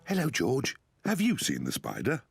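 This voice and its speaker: A man's voice: medium pitch, wildly swooping pitch, moderate pace, vocal fry, loud music behind the voice. An actor playing a cheerful, easygoing cartoon pig father who chuckles and reassures his children. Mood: reassuring. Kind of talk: cartoon voice acting.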